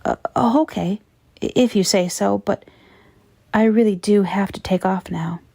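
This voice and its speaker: A man's voice: sits high, measured pace, gravelly, mellow, no echo, full character voice. A woman voicing a nervous young man who stammers and apologizes. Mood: flustered.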